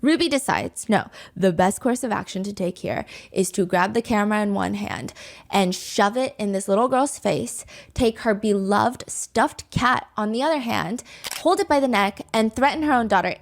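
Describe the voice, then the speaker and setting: A woman's voice: mid-range voice, normal speed, creaky. A woman hosting a reaction commentary show, speaking in an indignant, sarcastic, conversational way. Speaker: commentary host.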